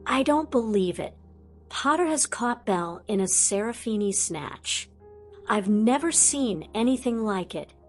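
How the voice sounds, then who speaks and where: A woman doing an excitable young male sports commentator. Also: on the high side, a little slow, soft background music. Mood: thrilled. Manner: loud, excitable shouting.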